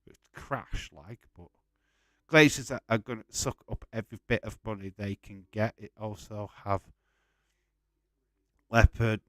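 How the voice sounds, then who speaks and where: A man's voice: on the low side, unhurried, long pauses, bright, forceful tone, dry recording. A man hosting a casual live watch-along stream, chatting loosely with frequent swearing and rambling restarts. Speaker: livestream host.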